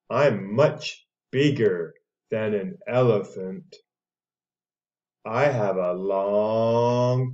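A man's voice: medium pitch, dark tone, lo-fi sound. A man doing a friendly talking dinosaur. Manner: cheerful, childlike storybook reading.

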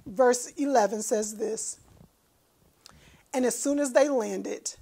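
A woman's voice: fairly high pitch, takes it slowly, gravelly, dark tone, breathy edge. A woman preaching a fervent sermon, repeating phrases and calling out to listeners. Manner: fervent, repetitive call-and-response preaching.

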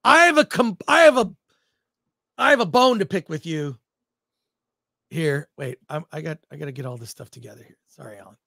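A man's voice: on the high side, lively intonation, brisk, gravelly, pauses often, bright, forceful tone, dry recording, clean studio sound. A man co-hosting a film talk livestream, joking and reading viewer comments aloud. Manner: talkative, jokey, reads chat aloud. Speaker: co-host of a film talk show. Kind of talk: casual livestream chat.

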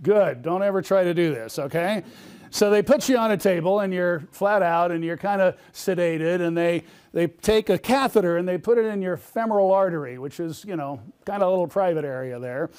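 A man's voice: high voice, fairly quick, a little mellow, clean tone. A middle-aged man giving a conference keynote, telling a personal story and quizzing the audience with questions. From United States. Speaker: keynote speaker.

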